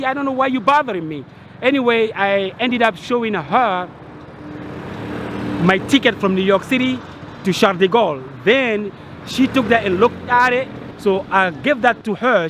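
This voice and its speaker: A man's voice: sits high, fairly bright tone, slight background noise. A man ranting in frustration to his vlog audience, annoyed and agitated, stumbling over restarts and repeating himself. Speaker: vlogger. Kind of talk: angry rant to camera.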